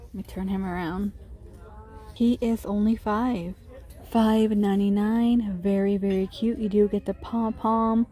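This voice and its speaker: A woman's voice: medium pitch, fairly even intonation, moderate pace, warm tone. Chatty woman narrating a store walkthrough. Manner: chatty, pointing out items with light laughs. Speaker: vlogger. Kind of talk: casual shop-with-me narration.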